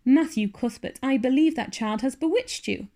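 A woman reading as a stern older spinster who scolds and cuts people short in a storybook tale. Her voice is curt and sharp, with a gravelly edge over mellow, darker tones. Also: high voice, lively intonation, normal speed, pitched above the performer's own voice. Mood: stern, scolding.

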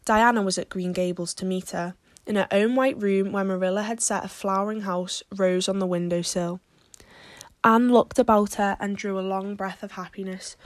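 Female audiobook narrator, measured and steady delivery, mid-range voice. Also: mid-range voice, dry recording. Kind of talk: audiobook reading of a classic novel.

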